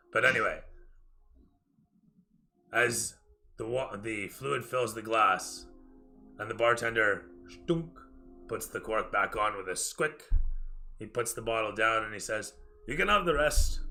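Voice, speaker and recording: A man's voice: lowish voice, bright, forceful tone. A man narrating a tabletop role-playing game as dungeon master, describing scenes cinematically to his players.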